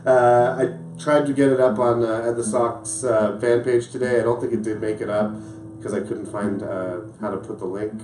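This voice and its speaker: A man's voice: mid-range voice, fairly even intonation, moderate pace, a little mellow, reverberant, far from the mic, rough recording. A man hosting a talk show in casual chat, laughing often and talking loosely. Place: small room with live audience.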